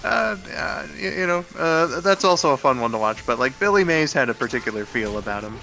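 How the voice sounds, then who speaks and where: A man's voice: mid-range voice, big pitch swings, a little fast, creaky, pushed and bright, soft background music. A man hosting a live game stream, chatting casually with lots of fillers and restarts. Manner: hesitant, many fillers and restarts. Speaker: streamer host. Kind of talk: casual chat while gaming.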